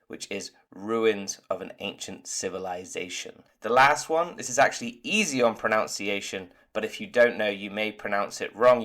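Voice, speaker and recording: A man's voice: fairly low pitch, fairly bright tone. A man teaching English vocabulary in an online lesson, upbeat and encouraging as he walks through the quiz answers. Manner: upbeat, encouraging, explains patiently. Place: lives in Turkey.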